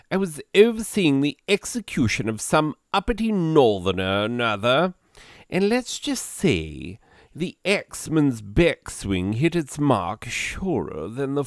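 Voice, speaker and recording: A man voicing a pompous upper-class English gentleman who solemnly recounts his own absurd deaths in a put-on posh accent. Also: medium pitch, very animated, slow, dry recording, studio quality, voice pushed up. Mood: haughty. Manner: grandiloquent, mock-solemn storytelling.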